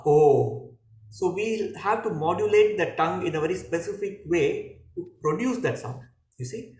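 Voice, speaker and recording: A man, a yoga teacher, giving calm, measured explanations in a podcast conversation, pausing and restarting now and then. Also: a little high. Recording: echoey room.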